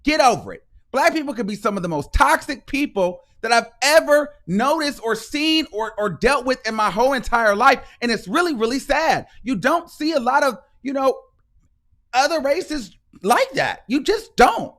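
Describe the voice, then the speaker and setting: A man's voice: very high voice, lively intonation, normal speed, a bit bright. A man hosting a livestream show, ranting heatedly with sarcasm, repetition and frequent swearing. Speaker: host.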